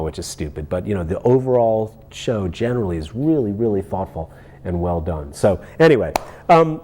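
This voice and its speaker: A man's voice: medium pitch, a little mellow. A man hosting a talk show, ranting with sarcasm and firing off rhetorical questions. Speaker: podcast host. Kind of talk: ranting commentary.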